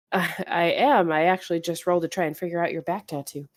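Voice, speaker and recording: A woman's voice: on the low side, steady tone, brisk. A woman chatting in a friendly, giggly way as a guest player in a tabletop game session.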